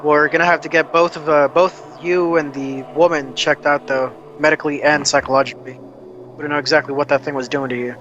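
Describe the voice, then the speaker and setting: A man's voice: on the high side, little pitch movement, brisk, fairly bright tone, lo-fi sound, a little hiss or hum. A man narrating as game master of an online tabletop game, rambling and restarting his phrases.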